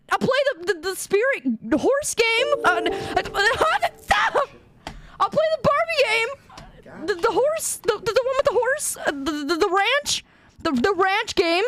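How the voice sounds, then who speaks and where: A woman's voice: very high-pitched, sing-song, slow, fairly bright tone. A young adult woman streaming a game, reacting with exasperated, dramatic pleading and outbursts. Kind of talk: reactive livestream gaming chat.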